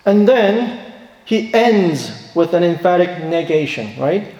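A man preaching a sermon, asking rhetorical questions and stressing key points, then dropping to quiet asides. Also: high voice, animated, slow pace. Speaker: pastor. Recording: echoey hall reverb.

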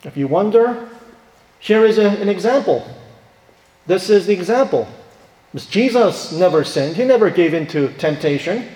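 This pastor's voice sits high and is a little mellow, animated at a moderate pace with frequent pauses. He preaches emphatically, asking rhetorical questions and acting out quoted voices. The roomy hall gives a long reverb.

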